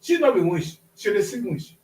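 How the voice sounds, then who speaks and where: Nigerian talk-show co-host, man, very high lively voice, roomy and distant sound. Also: normal speed, a little hiss or hum. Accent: Nigerian Pidgin-inflected English. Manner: animated, switches into Pidgin, rhetorical questions. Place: studio. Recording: echoey, from off-mic.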